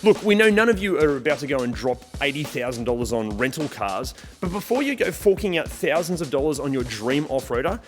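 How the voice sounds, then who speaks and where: An Australian man hosting a car video, talking to camera in a lively, chatty way with wry humour. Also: mid-range voice, a little fast, few pauses. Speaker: car channel host. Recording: roomy reverb with music behind.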